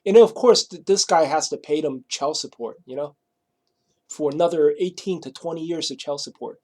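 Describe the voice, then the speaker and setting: A man's voice: on the high side, moderate pace, darkish tone. A man telling a story in a rambling monologue, casual and profane, always adding "right?" and "you know?". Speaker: vlogger.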